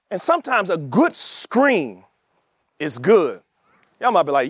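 A man preaching a sermon, emphatic, calling out to the congregation and shouting at the peaks. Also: very high voice, very animated, moderate pace, no echo, clean studio sound. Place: church service with online audience.

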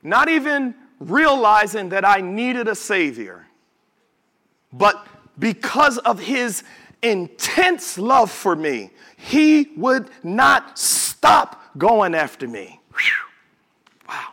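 A man preaching to his congregation in a high, bright voice that swings widely between soft murmurs and sudden shouts. He speaks slowly and stretches key words for emphasis. He also slips into casual, chatty asides to the people in front of him. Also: sing-song. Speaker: pastor. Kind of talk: sermon. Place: church service before a congregation.

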